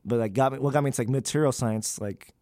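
A man's voice: mid-range voice, quick pace, a little mellow, dry recording, clean studio sound. A young man, a graduate student, talking candidly in an interview, with many fillers and loose, rambling sentences. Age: young adult.

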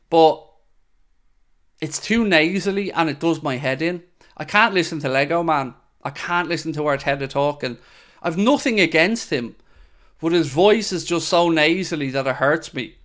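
A man's voice: fairly high pitch, fairly bright tone. A young man hosting a podcast, chatting casually and opinionatedly as he reads out comments from a live chat. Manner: chatty and opinionated, with frequent fillers and asides. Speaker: podcast host.

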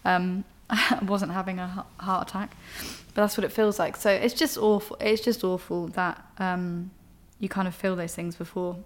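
A woman's voice: medium pitch, flat delivery, a little fast, hardly any pauses. Frank young Englishwoman telling a story. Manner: emotional, rambling, frank with swearing. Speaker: podcast host. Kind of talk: candid personal storytelling.

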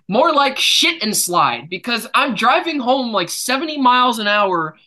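A young man hosting a casual podcast, telling rambling jokey stories with sudden loud bursts. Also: very high voice, big pitch swings, unhurried. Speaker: podcast host. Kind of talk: casual chat.

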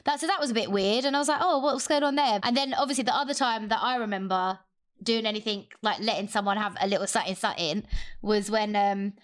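A young woman, co-hosting a casual chat and telling stories with animated acted-out quotes. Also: fast talker. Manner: animated storyteller, acts out quotes in a high voice. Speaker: podcast co-host.

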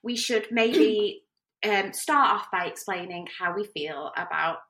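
A woman in her thirties co-hosts a podcast in a relaxed, candid way. Her voice has a bright, forward ring to it. She chats openly and laughs easily. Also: medium pitch, takes it slowly, a little hiss or hum. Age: 30s. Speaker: podcast co-host. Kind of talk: casual chat.

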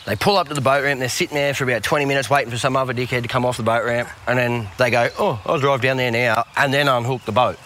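A man's voice: mid-range voice, fairly even intonation, fast talker, hardly any pauses, bright, forceful tone, a little hiss or hum. A man hosting a casual podcast chat, laid-back and chiming in. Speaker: podcast host.

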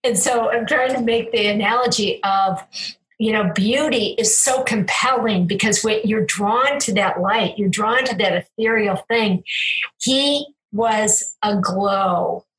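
A woman's voice: mid-range voice, unhurried, fairly bright tone, poor audio. A woman who worked as a hospital chaplain, telling a story in casual conversation in an earnest, spiritual and meandering way, often restarting her sentences. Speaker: former hospital chaplain, guest.

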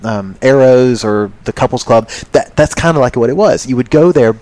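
A man's voice: medium pitch, moderate pace, a little mellow, no room sound. A man co-hosting a podcast in casual chat, rambling and joking with lots of ums. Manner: rambling, jokey, many ums. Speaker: podcast co-host.

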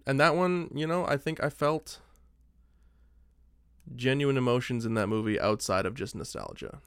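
A man's voice: mid-range voice, animated, normal speed, a bit bright, clean tone, no echo. Rambling man, dry close sound. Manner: rambling, frequent "like" fillers. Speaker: podcast co-host. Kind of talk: casual chat about movies.

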